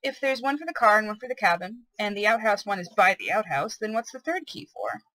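A woman's voice: mid-range voice, expressive, brisk, sharp tone, dry recording, poor audio. A woman giving gameplay commentary, curious and speculating aloud as she plays. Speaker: let's play host.

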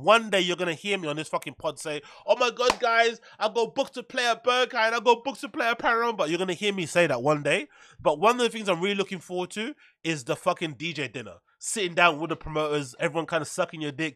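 A man's voice: a little high, pushed and bright, no echo, clean studio sound. A young man hosting a podcast, reading an article aloud and breaking off into loose, profane, joking commentary. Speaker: podcast host.

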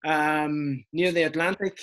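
A man with a Donegal Irish accent, a wedding photographer talking deliberately slowly and clearly as a guest on a video call interview. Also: fairly high pitch, fairly even intonation, fairly bright tone. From Ireland. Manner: friendly, talks deliberately slow and clear.

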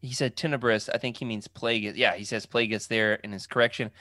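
A man's voice: on the low side, fairly even intonation, brisk, pushed and bright, dry recording. A man hosting a casual livestream podcast, joking around and reading out comments from the chat. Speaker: podcast host.

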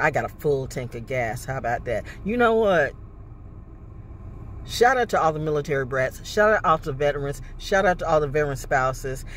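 A man's voice: high voice, a bit bright, a little hiss or hum. Rambling, blunt man talking in a car. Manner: rambling, blunt, swears freely, laughs. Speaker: spiritual vlogger. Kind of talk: rambling casual monologue. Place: inside a car.

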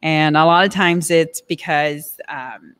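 Chatty woman with a lowish voice. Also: takes it slowly, a bit bright, smooth. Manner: chatty and direct, with filler words and frequent asides. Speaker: vlogger. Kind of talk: casual advice talk to camera.

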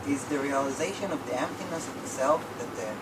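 A man's voice: mid-range voice, fast. A man from the audience posing a thoughtful question at a public talk. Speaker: audience member asking a question. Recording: noisy audience recording.

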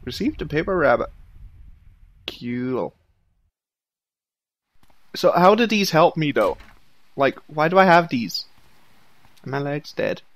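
A man's voice: on the high side, animated, slow pace, long pauses, no echo. A man hosting a let's play, muttering laid-back asides and casual swearing while he plays at home. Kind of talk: gameplay commentary.

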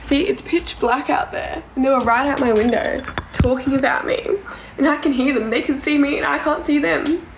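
A woman's voice: high voice, steady tone, normal speed. Frightened young woman in an echoey room. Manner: breathless and jittery, dropping to whispers, swearing often. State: frightened, on the verge of tears. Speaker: livestreamer. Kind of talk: casual livestream chat. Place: her home at night. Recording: echoey room with noticeable background noise.

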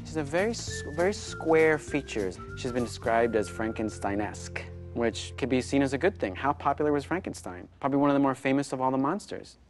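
A man's voice: mid-range voice, expressive, brisk, music in the background, close to an everyday voice. A man playing a bumbling self-important milk spokesman. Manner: rambling, half-hearted, boastful. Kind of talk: sketch comedy.

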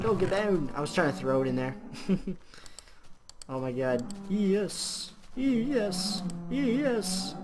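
A man giving casual let's-play commentary while gaming, excitable, often exclaiming and swearing, with frequent laughter. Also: mid-range voice. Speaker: gaming video host. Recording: clear background noise.

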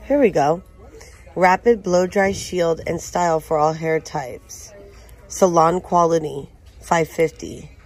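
A woman's voice: lowish voice, slow pace, a little mellow, breathy edge, soft background music. A woman narrating a casual shopping walkthrough, chatting as she reads out prices and product labels. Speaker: shopping vlogger. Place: inside a large retail store.

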